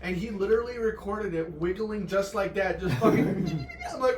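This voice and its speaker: Young male co-host, high voice, animated quoting storyteller; echoey, noisy room. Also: moderate pace. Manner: animated, acts out quotes, swears. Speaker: podcast co-host. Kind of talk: casual chat. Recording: echoey room, distant mic, background noise.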